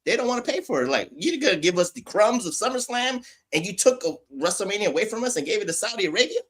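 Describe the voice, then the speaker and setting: Man, podcast co-host, lively swooping pitch, ranting, swearing, joking. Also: quick pace, husky. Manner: animated ranting, laughs, swears, apologizes jokingly. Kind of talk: casual chat.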